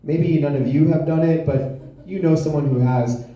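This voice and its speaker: A man from South Florida performing a deadpan, self-deprecating stand-up comedy set on a club stage into a handheld mic. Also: on the high side, normal speed. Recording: echoey club room.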